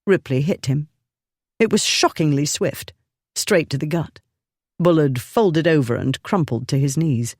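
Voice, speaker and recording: A narrator reading a historical romance novel in a measured storytelling manner. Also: mid-range voice, a little mellow, no room sound, clean studio sound. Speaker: audiobook narrator.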